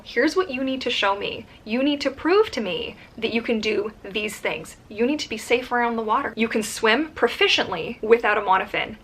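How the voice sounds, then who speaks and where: A woman's voice: a little high, fairly bright tone. A woman vlogging to camera about her profession, earnest and emphatic, speaking with open anger. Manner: earnest and emphatic, openly angry; lists points in rapid runs. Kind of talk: direct-to-camera vlog.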